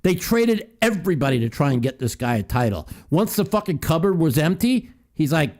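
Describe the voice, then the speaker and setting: Lively, profane man ranting. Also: on the high side, a little fast. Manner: profane, heated ranting with mocking quotes. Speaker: call-in show host. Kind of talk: call-in talk show.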